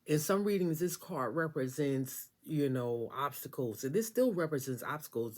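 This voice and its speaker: A woman's voice: extremely low pitch, darkish tone. A woman giving a casual tarot reading, talking straight to the listener in an emphatic, sassy way and repeating phrases for effect. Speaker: tarot reader.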